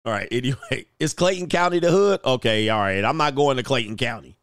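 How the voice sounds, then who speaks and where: A man talking casually on a livestream, joking around and breaking into laughter often. His voice sits at an ordinary middle pitch. The sound is dry and close to the mic. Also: animated, fairly quick, fairly bright tone, clean tone, dry recording. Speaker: commentator.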